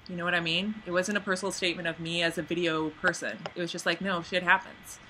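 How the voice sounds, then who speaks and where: A woman coaching people on camera in a casual webinar, chatty with lots of "like", acting out little scenes in a high voice. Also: flat delivery, quick pace, noisy background. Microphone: computer microphone on a webinar.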